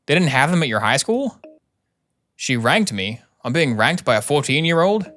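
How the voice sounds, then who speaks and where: A man's voice: mid-range voice, sing-song, normal speed, fairly bright tone. A man playing a game live, commenting in a playful, self-mocking way and reacting aloud. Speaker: game streamer.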